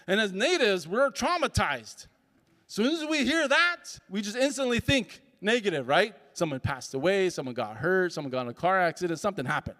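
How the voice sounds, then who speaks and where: A man telling a personal story at a summit, lively and acting out the dialogue as he goes. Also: high-pitched, brisk. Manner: animated, acts out dialogue in the story. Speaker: speaker at a summit. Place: conference hall. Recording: long hall reverb.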